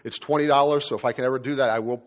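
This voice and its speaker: A male pastor preaches in a church, his voice sitting at an ordinary middle pitch. He tells a personal story earnestly, often pausing and restarting mid-sentence as he gathers his thoughts. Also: steady tone.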